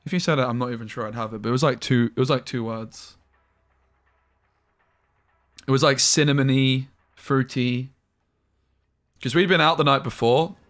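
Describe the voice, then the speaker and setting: Soft music plays in the background as a young man chats casually over his streamed game, telling rambling stories with slang and the odd curse. He speaks fairly quickly in a medium-pitched, slightly bright voice with fairly even intonation.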